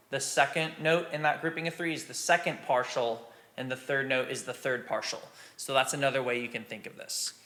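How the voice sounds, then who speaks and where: A man's voice: medium pitch, sharp tone. A man explaining drum exercises patiently and counting beats aloud as a teacher. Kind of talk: instructional drum lesson.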